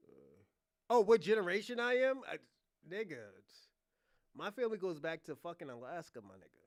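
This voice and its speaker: High-voiced teasing man. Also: sing-song, normal speed, no echo. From Boston. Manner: teasing, laughs often. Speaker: livestream host. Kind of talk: casual live chat.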